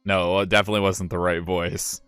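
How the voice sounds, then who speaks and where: A man's voice: deep voice, little pitch movement, brisk, fairly bright tone, smooth, dry recording, clean studio sound, faint music behind. A young man chatting casually and laughing while playing through a game. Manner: chatty, laughing, thinks aloud. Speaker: game streamer voicing characters.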